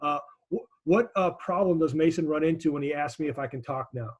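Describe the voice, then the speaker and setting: A man leads a class over a video call, giving direct, encouraging feedback. His voice sits a little high and he restarts phrases often as he talks. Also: a little fast, slightly rough, lo-fi sound. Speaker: instructor.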